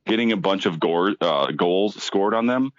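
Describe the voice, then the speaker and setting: A man's voice: sits low, moderate pace, no echo, muffled recording. A man co-hosting a podcast in casual chat, firing off short incredulous questions and reactions. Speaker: podcast co-host.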